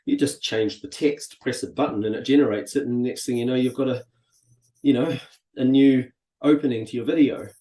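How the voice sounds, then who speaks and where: A man's voice: medium pitch, fairly quick. Chatty male host in echoey room. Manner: relaxed, chatty, many fillers. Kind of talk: casual interview.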